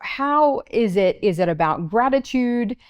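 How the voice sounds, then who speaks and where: A woman interviewer asking long, searching questions, pausing and restarting as she forms them. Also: a little high, expressive, clear, resonant tone, highs cut off. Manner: hesitant, restarts while forming questions.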